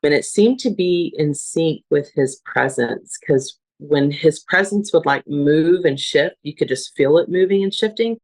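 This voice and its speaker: A woman's voice: sits low, unhurried, hardly any pauses, a little mellow, low-quality recording. A woman, a mother, earnestly recounting her near-death experience, searching for words as she recalls it. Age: adult with children. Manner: earnest, searching, restarts and fillers while recalling. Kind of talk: emotional personal testimony.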